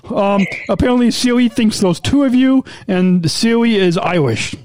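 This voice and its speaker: A man's voice: high-pitched, normal speed, a little mellow. A man co-hosting a podcast in casual chat, joking and laughing often. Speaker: podcast co-host.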